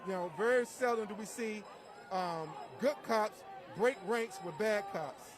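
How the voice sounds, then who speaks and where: A man reporting live from a street protest, earnest and speechlike, with filler pauses. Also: high-pitched. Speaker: livestream reporter. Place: outdoor city street protest. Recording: live outdoor stream amid a crowd. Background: crowd.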